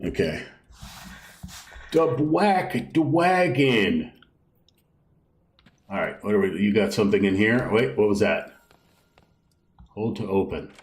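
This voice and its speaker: A man with a low voice streams a video game live, rambling casually at a normal speed with frequent pauses, swearing now and then, and reading on-screen text aloud. The audio is poor and the room echoes.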